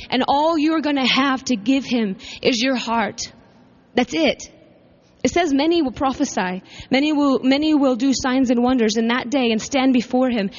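High-voiced woman preaching a personal testimony. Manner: animated storytelling, acts out her own past pleas and laughs often. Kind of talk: sermon testimony. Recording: dull lo-fi sound.

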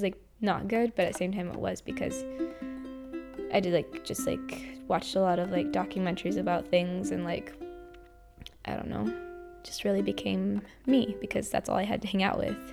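A woman's voice: medium pitch, brisk, creaky, music in the background. A young woman from Idaho telling stories about her old jobs, chatty, with many fillers and frequent giggles. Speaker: interviewee. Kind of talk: casual storytelling.

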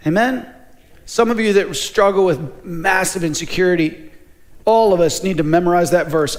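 High-voiced male pastor preaching. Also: moderate pace. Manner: conversational, asks the congregation questions. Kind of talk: sermon.

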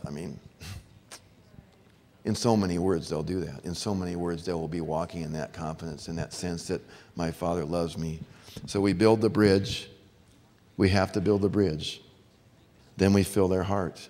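A man's voice: low-pitched, fairly even intonation, moderate pace, long pauses, darkish tone. A middle-aged man preaching a sermon to fathers, earnest and storytelling. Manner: earnest, storytelling with acted-out voices. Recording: long hall reverb.

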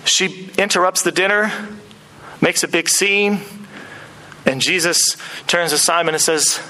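A man preaching a sermon in an animated, conversational way, often acting out quoted speech. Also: high voice, measured pace, long pauses, slight background noise, poor audio. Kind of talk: expository sermon.

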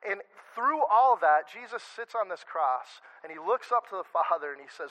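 A male pastor giving a sermon in a conversational, animated way, often restarting his sentences. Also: high voice, moderate pace, hardly any pauses, rough recording.

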